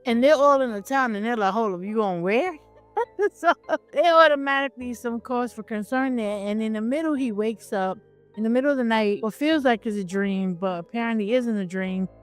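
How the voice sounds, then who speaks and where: A slightly high-voiced woman talks through a film in loose, slangy chat. She asks lots of questions and breaks into easy laughter. Faint music runs quietly behind her. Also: normal speed. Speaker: co-host reviewing a film. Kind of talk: casual chat.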